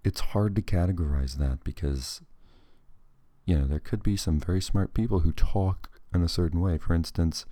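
Very deep-voiced rambling podcast man. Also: normal speed, warm tone, dry recording. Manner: rambling, digressive, self-deprecating. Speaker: podcast host. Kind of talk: casual solo podcast monologue.

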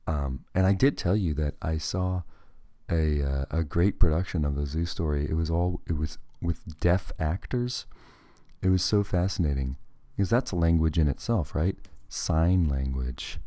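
A man's voice: rumbling low, moderate pace, mellow, no echo, clean studio sound. A man hosting a podcast alone, rambling from one thought to the next with a self-deprecating, digressive manner. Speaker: podcast host. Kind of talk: casual solo podcast monologue.

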